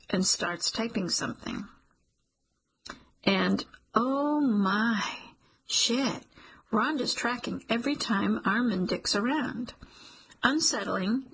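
A woman reading a first-person story aloud with dry, wry timing and quiet whispered asides. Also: mid-range voice, gravelly, breathy edge, rough recording. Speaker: narrator. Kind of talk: first-person audiobook narration.

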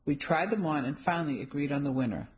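A woman reading a first-person mystery novel aloud in an even, descriptive storytelling manner. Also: low voice, fast, poor audio. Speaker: audiobook narrator.

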